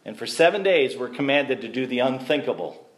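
A man's voice: medium pitch, lively intonation, a little fast, a little hiss or hum. A man teaching a sermon to a congregation, conversational and asking the listeners questions. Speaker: messianic teacher. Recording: echoey room.

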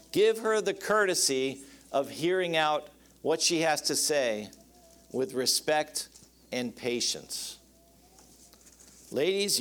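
A man's voice: a little high, a bit bright. A man preaching a sermon on marriage in a folksy, joking way, often calling out to the congregation for an amen. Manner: folksy, joking, calls out for amens. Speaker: pastor.

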